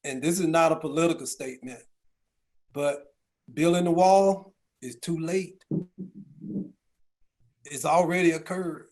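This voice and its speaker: A man's voice: a little high, steady tone, unhurried, pauses often, a little mellow. A middle-aged man, a county chief executive, speaking at a business round table and telling stories with rhetorical questions and folksy asides. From Georgia, US.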